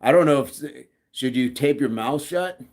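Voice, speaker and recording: A man's voice: medium pitch, moderate pace, a little mellow. A middle-aged man hosting a livestream, reading chat messages aloud in a casual, joking way and laughing often.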